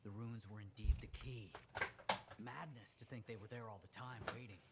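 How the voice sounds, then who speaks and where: A man's voice: lowish voice, fairly even intonation, normal speed, heavy background noise, close to an everyday voice. A man playing a grandiose rune scholar. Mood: triumphant. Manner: grandiose, theatrical, self-satisfied. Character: excited male scholar of ancient runes, grandiose.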